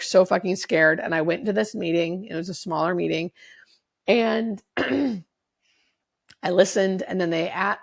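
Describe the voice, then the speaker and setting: A woman's voice: fairly low pitch, creaky. A woman in her forties, a podcast guest, telling her own story candidly, swearing freely and acting out what others said. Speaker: podcast guest, hospice nurse.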